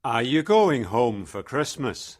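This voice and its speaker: A man's voice: medium pitch, very animated, slow. A man reading a story aloud, voicing a friendly, chatty male taxi driver. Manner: chatty, kindly.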